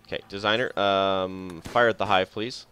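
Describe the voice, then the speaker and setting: A man with a fairly low voice streams a strategy game and talks through it in an easy, rambling way. He chuckles often and mutters to himself between moves. Faint game music plays behind him. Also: fairly even intonation, normal speed, pushed and bright. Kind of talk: casual live gameplay commentary.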